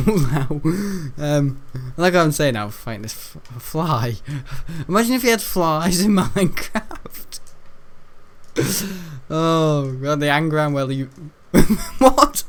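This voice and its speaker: Very animated yet slow-paced, a young British man speaks in a fairly high voice as he plays a game. Hosting a gaming video, he giggles and rambles his way through a story from school.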